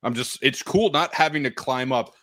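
A young man from New Hampshire chatting casually as a podcast co-host, animated and laughing often. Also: mid-range voice, no echo, studio quality. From New Hampshire, USA. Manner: animated, laughing, quick asides. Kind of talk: casual chat.

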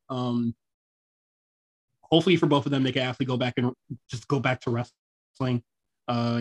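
A man co-hosting a podcast, chatting casually about wrestling, laid-back, laughing often and swearing freely. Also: medium pitch. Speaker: podcast co-host.

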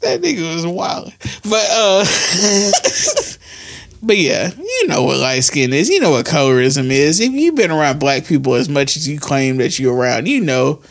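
A man's voice: a little high, big pitch swings, measured pace, gravelly. A man co-hosting a podcast, chatting in a blunt, mocking, profane way. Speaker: podcast co-host. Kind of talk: casual comedic chat.

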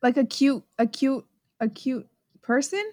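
A woman's voice: high-pitched, steady tone, unhurried, darkish tone, no echo, clean studio sound. A young woman co-hosting a podcast in casual chat, rambling and giggly, with lots of "like". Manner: giggly, rambling, heavy use of "like". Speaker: podcast co-host.

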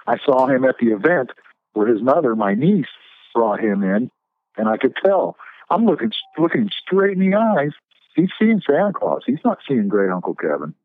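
A middle-aged man who works as a professional Santa Claus, telling stories in a relaxed, chatty way. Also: mid-range voice, moderate pace. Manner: relaxed storyteller, acts out voices in his tales. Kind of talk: casual podcast storytelling. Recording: thin phone-like line.

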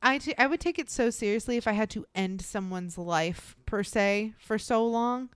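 A young woman co-hosts a podcast in a blunt, animated chat and swears freely. Her voice is smooth and resonant, recorded close and dry. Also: fairly high pitch, normal speed, no echo. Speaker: podcast co-host. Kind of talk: casual chat.

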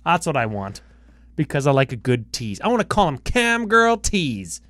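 A man's voice: on the high side, normal speed, dry recording. A man co-hosting a podcast, chatting casually and cracking crude jokes. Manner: jokey, crude, lively banter. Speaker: podcast co-host. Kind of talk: casual chat.

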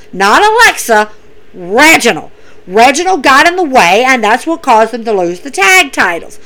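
A woman recapping wrestling shows in a casual, excitable way, acting out what people said. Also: sits high, poor audio. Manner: excitable storyteller acting out quotes.

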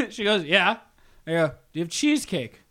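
A man's voice: sits high, bright, forceful tone. A man co-hosting a casual podcast, telling a funny story with laughter and acting out both sides of the dialogue. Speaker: podcast co-host.

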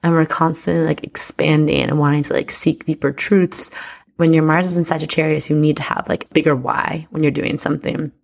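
A woman's voice: sits low, little pitch movement, brisk, creaky. A woman chatting casually and playfully with many fillers as an astrologer reading her business partner's chart. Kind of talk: casual chat.

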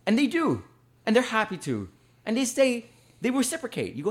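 Male co-host, high and animated, emphatic casual talker. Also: brisk. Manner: emphatic, swings from loud to quiet. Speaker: podcast co-host. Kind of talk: casual chat.

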